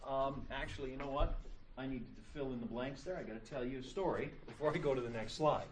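A man with a fast-talking, mid-range voice teaches a psychology class, telling a lively story packed with jokes and dramatic gasps. The lecture is captured from far off in an echoey classroom with slight background noise.

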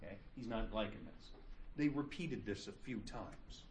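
A man's voice: on the low side, moderate pace, a little hiss or hum. A man teaching a psychology class, telling the story with jokes and dramatic gasps. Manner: lively, joking, animated storytelling. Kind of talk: classroom lecture. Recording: echoey classroom from far off.

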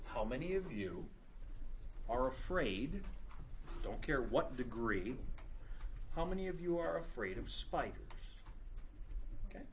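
A middle-aged man lectures a classroom in a casual, joking way, swinging his pitch up and down as he tells stories. A faint room hum sits under his voice. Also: very animated, a little slow, long pauses. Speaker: teacher.

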